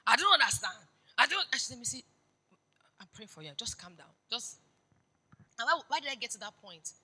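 Woman preaching a sermon, high bright voice, drops soft then shouts. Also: animated, brisk, breathy edge, poor audio. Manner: swings from hushed storytelling to loud urgent exhortation. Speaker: pastor.

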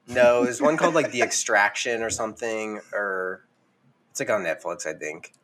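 A man's voice: fairly low pitch, normal speed, a bit bright, slight background noise. Rambling, playful male podcast co-host. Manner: rambling, playful, laughs while talking. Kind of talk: casual podcast chat.

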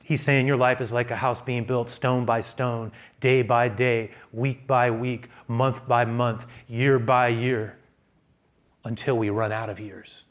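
A man preaching a sermon as pastor, who often restarts his phrases and swings between quiet asides and loud, raised emphasis. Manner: builds to loud, high-pitched emphasis, then drops to quiet asides; repeats words and restarts phrases.

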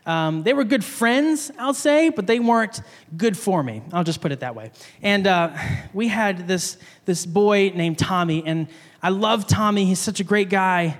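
A man with a high voice preaching a sermon in a church hall. He tells his story in an animated way and laughs often. The long reverb of the hall trails after his words. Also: a little slow.

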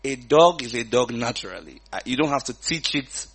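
A man and pastor teaching the Bible in a relaxed conversation, reading verses aloud and chuckling often. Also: mid-range voice, fairly quick, slightly rough.

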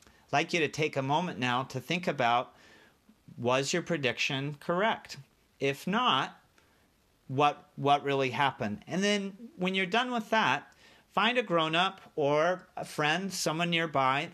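A man reads a children's book aloud as a teacher, speaking straight to young listeners. His voice sits a little high and bright and moves lively up and down as he tells the story. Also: unhurried. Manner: animated, addresses young listeners directly.

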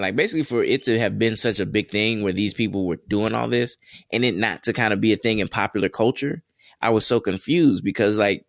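Low, gravelly man co-host, dry close sound, rambling and relaxed. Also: dry recording. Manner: relaxed, rambling with many fillers. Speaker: podcast co-host. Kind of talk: casual podcast chat.

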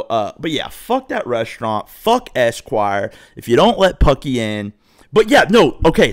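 A young man spins a profane, swaggering story in casual chat. His voice sits at an ordinary middle pitch and sounds dry and close, with no room around it. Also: no echo. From Southwest Ohio.

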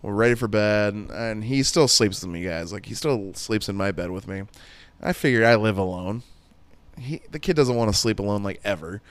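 A man's voice: fairly low pitch, moderate pace, no echo. A man in his thirties hosting a podcast solo, rambling and joking crudely in casual chat. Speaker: podcast host.

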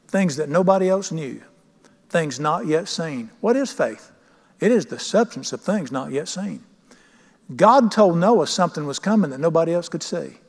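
A pastor preaching a sermon, emphatic and questioning his congregation. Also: on the high side. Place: church sanctuary. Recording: long church reverb.

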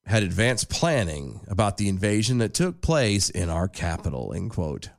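A man's voice: fairly low pitch, sing-song, moderate pace, vocal fry. A man hosting a podcast in casual, sarcastic political banter, often quoting and mimicking others. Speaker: podcast host.

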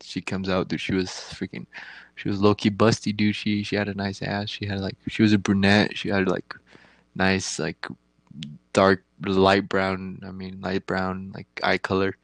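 A man's voice: deep voice, monotone, moderate pace, gravelly, no echo. Slangy young man telling a rambling story. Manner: slangy, rambling, laughs at own jokes. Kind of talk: casual crude storytelling.

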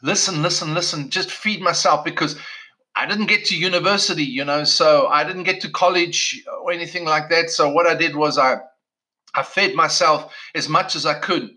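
A man's voice: on the high side, moderate pace, bright, forceful tone, rough recording. A middle-aged man from South Africa, a pastor telling his own story in a conversational way, with many restarts. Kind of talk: personal testimony talk.

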